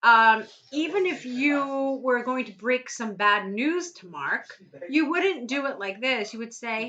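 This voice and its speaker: Patient female writing tutor, clear bright tone, walks through corrections step by step. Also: on the high side, expressive, unhurried, lo-fi sound. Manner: patient, explains step by step, reads student text aloud. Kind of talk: essay correction lesson.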